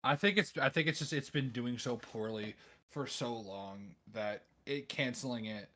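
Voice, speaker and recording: A man's voice: mid-range voice, normal speed, a bit bright. Podcast co-host, man, mid-range voice, dry wry remarks. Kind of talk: casual chat.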